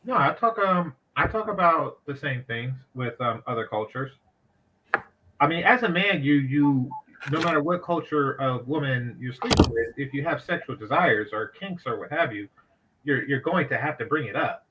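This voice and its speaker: A man's voice: mid-range voice, lively intonation, normal speed, lo-fi sound, noisy background. A man in a casual chat, stumbling and repeating words with many fillers.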